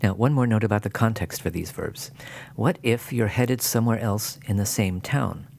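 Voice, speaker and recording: A man teaching a language lesson in clear scripted narration, with dry humor. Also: lowish voice, moderate pace, a little mellow.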